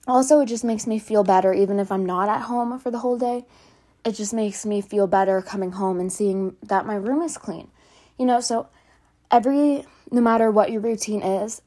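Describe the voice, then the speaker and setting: Mellow-voiced young woman, earnest and rambling. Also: medium pitch. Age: teens. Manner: earnest, rambling, with frequent fillers. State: out of breath. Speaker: podcast host. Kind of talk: casual personal talk. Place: at home.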